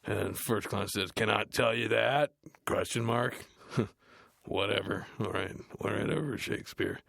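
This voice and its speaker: An actor playing a dim, gruff heavy metal frontman, reading a book aloud in a deadpan, grumbling, dismissive way, with a gravelly, growly voice. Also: lowish voice, a little slow, dry recording, clean studio sound, exaggerated voice. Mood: bored grumbling. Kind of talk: comedic audiobook reading.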